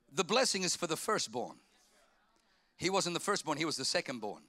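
A middle-aged man, preaching a sermon, swinging from loud emphatic lines to quiet hushed asides. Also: a little high, lively intonation, moderate pace, long pauses, no echo. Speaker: pastor.

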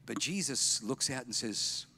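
A man preaching a sermon, emphatic and repetitive, slowing down and softening for effect. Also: mid-range voice, expressive, vocal fry, husky. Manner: emphatic, repetitive, drops to slow quiet lines for effect. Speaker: pastor.

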